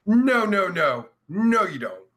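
Loud, high-voiced stuffy-nosed man. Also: very animated, takes it slowly. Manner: profane, loud, jokey, swings between shouting and mumbling. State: stuffy nose. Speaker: podcast host. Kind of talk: crude casual chat reading viewer comments.

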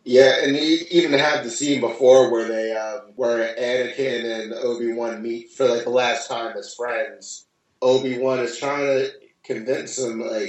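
Relaxed man in an echoey room. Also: mid-range voice, unhurried, far from the mic. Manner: laid-back, loose, lots of fillers. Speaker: podcast co-host. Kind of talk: casual movie discussion. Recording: echoey room, away from the mic.

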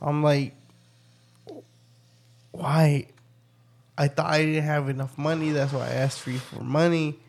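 Young man, slow and laid-back, swears freely, casual storyteller. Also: a little high, little pitch movement, creaky, a little mellow. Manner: rambling storyteller, swears a lot, acts out both sides. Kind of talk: casual profane chat.

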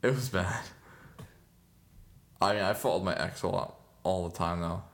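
Young guy, deep voice, rambly laid-back podcast chat, tons of "like"s. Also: normal speed, fairly bright tone. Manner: rambling, laughs often, lots of fillers. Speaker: podcast co-host. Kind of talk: casual chat.

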